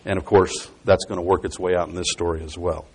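A man's voice: deep voice, level tone, fast talker, darkish tone, a little hiss or hum. A man preaching a Bible exposition sermon. He repeats key phrases for emphasis and explains scripture step by step.

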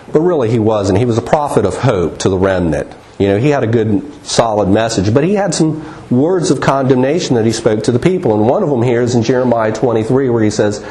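An earnest man teaches from his slides with a dark, mellow voice. He often restarts his words and stretches out the ones he wants to stress. The room around him is echoey. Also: mid-range voice. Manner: earnest, repeats words and restarts, drawn-out emphasis. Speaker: Bible teacher. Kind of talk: slide-based teaching talk.

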